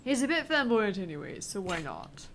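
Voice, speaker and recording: A woman's voice: medium pitch, very animated, normal speed, a bit bright. A woman co-hosting a let's play, chatting playfully and casually with some swearing. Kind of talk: casual game commentary.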